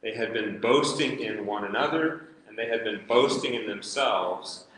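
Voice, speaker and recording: A man's voice: lowish voice, moderate pace, a bit bright, a little hiss or hum. A man teaching a verse-by-verse Bible study in a conversational way, reading scripture aloud and chuckling now and then, in a large room. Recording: very echoey hall with long reverb.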